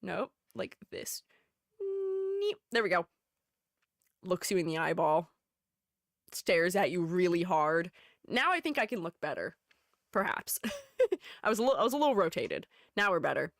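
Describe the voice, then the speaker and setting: This VTuber's voice is on the low side, swinging widely in pitch at a moderate pace with frequent pauses. She chats casually and playfully on stream, giggling and muttering to herself, captured in clean studio sound without echo.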